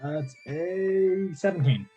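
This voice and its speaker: A man's voice: high voice, slow, over music. A man playing a tabletop game who chats casually, laughs often and narrates his character's actions. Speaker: player.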